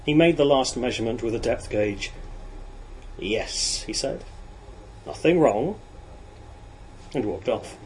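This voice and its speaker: A man's voice: medium pitch, a little fast, few pauses, darkish tone, slight background noise, poor audio. Man reading a novel aloud. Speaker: audiobook narrator.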